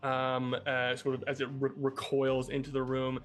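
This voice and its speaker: A man narrating a tabletop game as game master in a relaxed, filler-heavy way. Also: mid-range voice, normal speed, soft background music.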